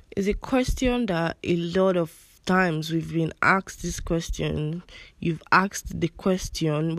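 A young woman with a Nigerian American accent talks through her solo podcast episode, rambling and joking at her own expense. Her voice sits fairly low for a woman. The recording is close and dry, with no room sound. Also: no echo. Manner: chatty, self-deprecating, rambling with fillers. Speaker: podcast host. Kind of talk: casual solo podcast talk.

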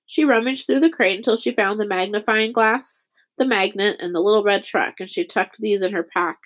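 A woman narrating a children's novel audiobook in a steady, measured storytelling voice. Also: mid-range voice. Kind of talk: scripted narration.

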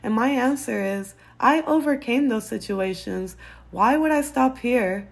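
Woman, gravelly fry, fairly high voice, earnest candid podcast host, faith-based advice talk. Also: lively intonation, unhurried. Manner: earnest and candid, casual swearing.

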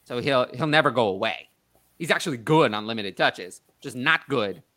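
A man hosting a casual sports talk show, opinionated and thinking out loud with frequent restarts. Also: mid-range voice, animated, moderate pace, dry recording. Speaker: podcast host. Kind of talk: casual fantasy football chat.

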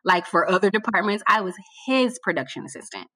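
A woman being interviewed about her work as a TV producer, telling her story in a casual, animated way and repeating phrases for emphasis. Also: mid-range voice, a little fast. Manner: colloquial, addresses listener as girl. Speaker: guest, TV producer.

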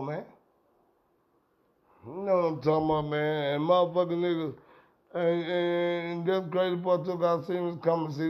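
A middle-aged man hosting a podcast, ranting in a heated, profane, rambling way. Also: a little high. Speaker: podcast host. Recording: dull lo-fi sound.

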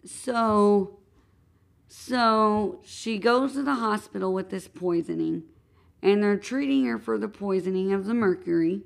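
Woman podcast co-host, gravelly tone, earnest casual storyteller. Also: mid-range voice, unhurried. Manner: earnest, retelling events step by step.

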